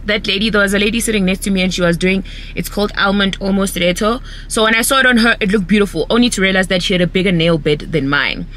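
A young South African woman chatting casually in a vlog, ranting with lively energy. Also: mid-range voice, slight background noise. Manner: animated, ranting, switches between English and isiZulu. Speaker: vlogger.

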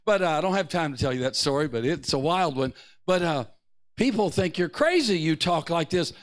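An older man and pastor preaching a fervent sermon to a live church congregation, swinging between loud shouted bursts and quiet asides. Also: a little high, lively intonation, brisk.

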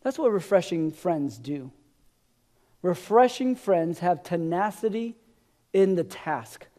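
A middle-aged man from America, a pastor preaching a sermon from the stage, telling stories and letting his voice fall low and soft at the ends of lines. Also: expressive, slow. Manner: storytelling, dropping low and soft at line ends. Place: church. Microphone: live-streamed stage mic.

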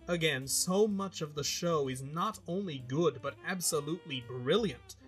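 A man's voice: a little high, sharp tone. A man hosting his own show, narrating a scripted review with an emphatic, opinionated delivery.

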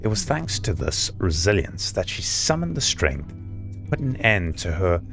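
A man doing gaming commentary, sarcastic and swearing, reading game text aloud haltingly. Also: low voice, big pitch swings, fairly bright tone. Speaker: let's play host. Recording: game music behind.

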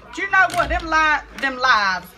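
A woman's voice: high voice, sing-song, measured pace, pushed and bright. A woman presenting makeup on a livestream, playful and giggly, greeting viewers by name. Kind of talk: casual livestream banter. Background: faint background music.

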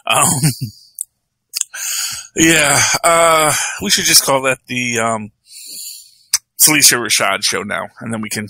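A man's voice: mid-range voice, steady tone, slow, creaky, long pauses, sharp tone, no room sound, poor audio. A man co-hosting a podcast, reviewing films in a rambling, laughing casual chat. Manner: rambling, frequent restarts, laughs often. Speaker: podcast co-host.

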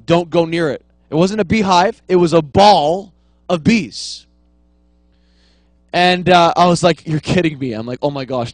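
A man's voice: on the high side, no room sound. A man in his thirties preaching a sermon, telling a long anecdote with many restarts and fillers. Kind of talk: sermon storytelling.

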